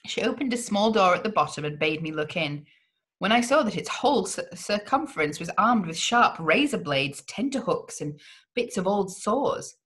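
Female read-along host, gothic novel, dramatic mid-pitched delivery. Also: animated, normal speed, a bit bright. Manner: dramatic reading with occasional slips. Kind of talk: reading a gothic novel aloud.

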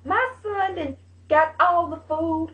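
A mother hosts a casual vlog in a high voice, chatting straight to her viewers. She talks in an emphatic, scolding way, leaning hard on her punchlines. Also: slow pace, phone-quality sound.

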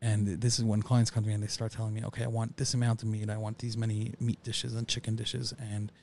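A man's voice: on the low side, monotone, fast talker, creaky, a little mellow, a little hiss or hum. A man who works as a private chef, chatting casually on a podcast and repeating key phrases for emphasis.

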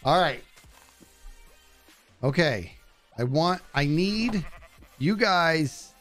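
Chatty, lively male game streamer. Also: a little high, extremely slow, soft background music. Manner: chatty, talks to animals and chat. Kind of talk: live gameplay commentary.

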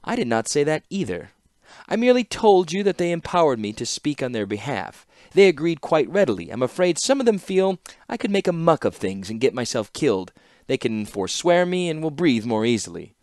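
A man voicing a cool, scheming young woman artificer in an audiobook reading, with crisp, guarded and sly delivery. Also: fairly high pitch, big pitch swings, a little fast, a little mellow, no echo, clean studio sound, voice pushed up. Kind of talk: audiobook character voice.

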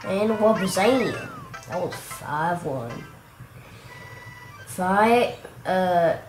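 A woman with a cough giving rambling, chatty commentary on a game walkthrough, exclaiming at the action. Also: lowish voice. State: coughing and clearing throat. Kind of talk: casual gameplay commentary. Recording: roomy with game music behind.

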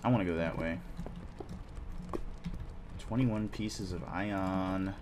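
A man giving casual gameplay commentary as host, excitable, swearing casually and talking to himself. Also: deep voice, slow. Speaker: let's play host. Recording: clear background noise.

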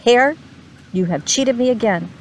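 A woman voicing a grumpy, gullible male bear in a picture book read-aloud, speaking loud and indignant. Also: a little high, lively intonation, unhurried, a little hiss or hum. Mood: angry.

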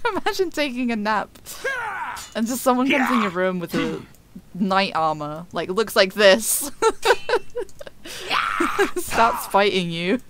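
A woman's voice: mid-range voice, big pitch swings, slow, pauses often, background noise. A woman streamer chatting casually over gameplay, giggling often and talking to her chat.

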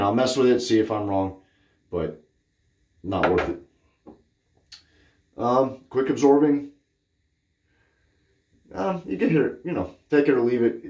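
A shaving vlogger from Cape Cod, Massachusetts, stands in his bathroom giving a blunt, rambling, candid product review in casual chat form. His voice is deep and a little mellow, and the room adds a roomy echo.

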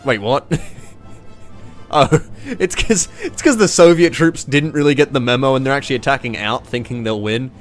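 A man with an Australian accent giving sarcastic, profane, animated commentary while playing a strategy game. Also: medium pitch, normal speed, soft background music. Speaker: gaming YouTuber.

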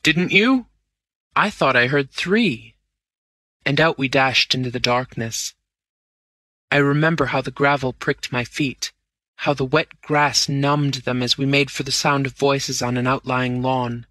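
Man, audiobook narrator, steady measured storytelling, bright tone, mid pitch. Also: no room sound. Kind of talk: scripted first-person narration.

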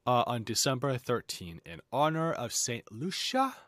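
A man's voice: mid-range voice, sing-song, unhurried, a bit bright, no room sound, studio quality. A man hosting a casual lesson, reading aloud and breaking off into chatty, jokey asides. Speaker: host.

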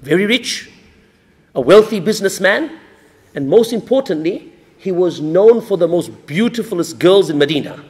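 A man's voice: high-pitched, normal speed. A man preaching a storytelling sermon in a mosque, acting out the characters and adding jokes. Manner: animated storyteller, acts out characters. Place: mosque hall. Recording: reverberant hall.

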